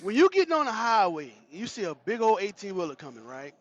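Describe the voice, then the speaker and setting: A man's voice: high-pitched, fast. A man hosting a livestream, casually telling a funny childhood story to his chat with laughter and cursing. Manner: animated, laughing, profane storyteller. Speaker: livestream host.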